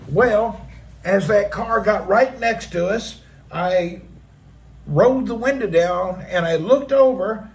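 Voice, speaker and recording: High-voiced man telling a dramatic story. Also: slow pace. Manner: animated, acts out gunfire and crashes with vocal sound effects. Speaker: live stream host telling his own story.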